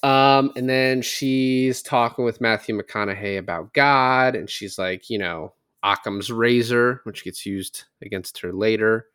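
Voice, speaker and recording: A man co-hosting a casual movie review podcast, animated and profane, slipping into mocking voices of characters. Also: medium pitch, measured pace, hardly any pauses, smooth, dry recording, studio quality. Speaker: podcast co-host.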